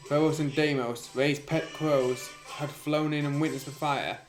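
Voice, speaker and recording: Deadpan male reader with sarcastic asides; fairly high, flat voice, roomy recording with music. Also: measured pace. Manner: deadpan, stumbling over the text. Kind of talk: dry reading of fan fiction with sarcastic asides. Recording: echoey room, music behind.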